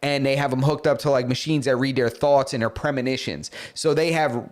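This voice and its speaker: A man's voice: medium pitch, steady tone, a little fast. A man co-hosting a casual podcast, chatting loosely and slipping into silly voices for jokes. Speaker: podcast co-host.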